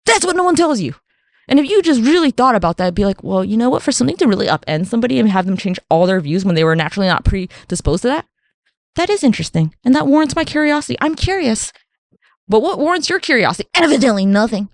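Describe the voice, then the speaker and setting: A woman's voice: sing-song, fast talker, no room sound. Woman, solo podcast host, casual rambling monologue, lots of swearing, exaggerated quoted voices, dry close sound. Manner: profane, rambling, acts out voices with big pitch jumps.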